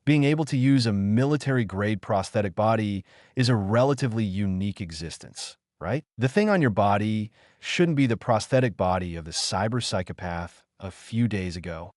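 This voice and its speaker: A man reads an audiobook in steady scripted narration. His voice sits low but swings widely in pitch. The recording is dry and close, with no room sound. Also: moderate pace, few pauses, no echo.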